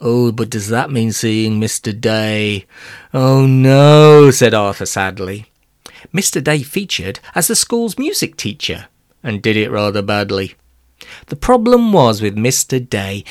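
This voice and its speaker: A man's voice: medium pitch, no room sound, clean studio sound. A man narrating a rhyming children's storybook aloud. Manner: lively rhyming read-aloud, voicing every character. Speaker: narrator and author-reader.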